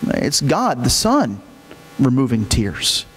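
A man's voice: mid-range voice, huge pitch swings, slow pace. A male pastor preaching a sermon, emphatic and repeating his key phrases. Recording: echoey hall with faint hum.

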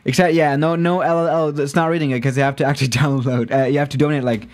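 A man's voice: fairly high pitch, steady tone, quick pace. A man live-streaming a flight simulator, chatting casually with his viewers, often tripping over his words and laughing at himself. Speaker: livestreamer playing a flight simulator.

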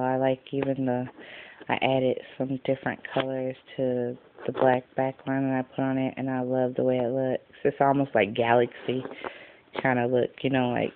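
A tired woman rambles through a casual show-and-tell vlog, drifting off mid-sentence. Her voice sits low with a gravelly edge. The sound is tinny and phone-like, with faint noise underneath. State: tired, yawning. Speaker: vlogger showing her craft pieces.

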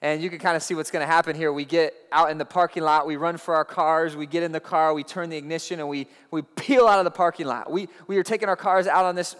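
A man preaching a sermon, telling a personal story in an animated way that rises loud at the tense moments. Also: a little high, clean tone. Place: church auditorium. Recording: long hall reverb.

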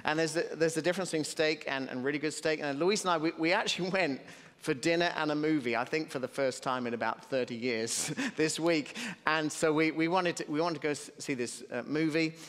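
A man's voice: fairly high pitch, brisk, fairly bright tone. A British man in his fifties, a pastor preaching a sermon in a conversational way with humorous asides, on a stage microphone. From Britain. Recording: long hall reverb.

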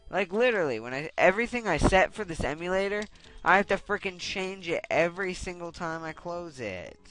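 A man's voice: high voice, lively intonation, a little fast, bright, forceful tone, soft background music. A young man commenting on his gameplay in a casual, irritated way, swearing and rambling. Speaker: let's play gamer.

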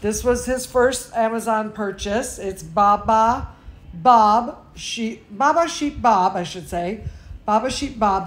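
A woman's voice: a little high, slight background noise, low-quality recording. A woman teacher hosting a live bedtime story from her bed at home, chatting in a doting sing-song way to her pet and to the children watching. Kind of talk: casual live-stream chat.

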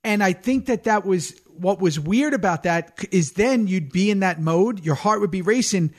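A man's voice: high voice, normal speed. A man hosting a podcast, telling stories and acting out what people said. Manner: animated storyteller, acts out quotes. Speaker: podcast host. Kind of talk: casual conversation.

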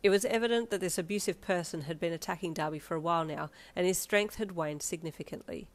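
A woman narrating a second-person fanfiction story with dramatic, expressive delivery. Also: on the low side, fast talker.

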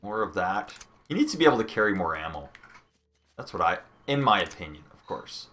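A Canadian man commentating a video game live, excitable and swearing often. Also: deep voice, a little fast. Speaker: let's play streamer. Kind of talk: casual gameplay commentary.

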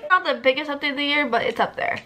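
A young woman vlogger giving excitable, casual commentary over gameplay, often squealing and laughing. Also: high voice, rapid-fire, low-quality recording. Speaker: gaming vlogger.

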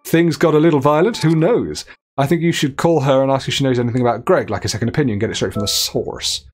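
A man's voice: medium pitch, fast talker, darkish tone, a little hiss or hum. Guy streaming a game, cracks jokes, reads out texts and chat, middle-of-the-road voice. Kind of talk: gameplay commentary.

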